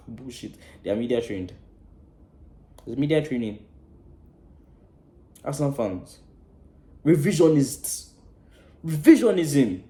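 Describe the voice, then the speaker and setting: Man, fan channel host, passionate preachy rant, swears a lot, loud then hushed, mellow warm tone, echoey room. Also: mid-range voice, lively intonation, measured pace, long pauses. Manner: impassioned, preachy, swears freely, swings between loud and hushed. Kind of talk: passionate match-reaction rant.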